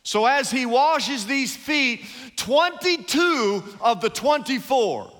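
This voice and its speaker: A man's voice: extremely high pitch, animated, slow pace, a bit bright. A man pastor preaching an emphatic sermon from the stage of a large church hall. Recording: long hall reverb.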